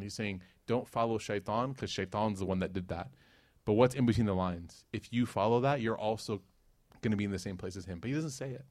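A man preaching to a live audience, telling stories in a lively rhythm and dropping into hushed asides. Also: fairly low pitch, no echo. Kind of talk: sermon.

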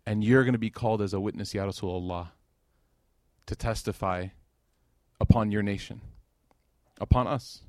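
A man's voice: lowish voice, fairly even intonation, normal speed, pauses often, a little mellow, no echo, clean studio sound. A man giving an informal sermon at a religious gathering, talking conversationally with joking asides and growing emotional over scripture.

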